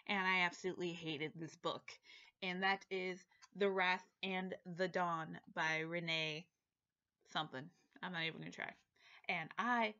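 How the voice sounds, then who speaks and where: A woman vlogging about books in a casual chat to camera, animated and quick, swearing and exaggerating. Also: mid-range voice, highs cut off. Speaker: book vlogger.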